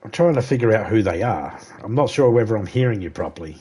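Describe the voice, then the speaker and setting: A man with an Australian accent and a fairly low, mellow, husky voice live-streams a video game, speaking fast and animatedly. He chats casually with viewers, trading crude jokes and chuckling between lines.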